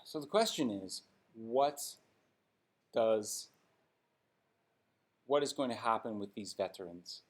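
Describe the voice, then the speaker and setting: A man's voice: lowish voice, lively intonation, slow, long pauses. A man giving blunt, sarcastic hockey commentary in an opinionated vlog rant.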